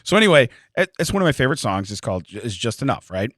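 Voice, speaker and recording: A man's voice: medium pitch, big pitch swings, very fast, fairly bright tone, husky, no room sound, clean studio sound. A man, telling a long comic story in casual podcast chat and laughing often. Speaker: podcast co-host.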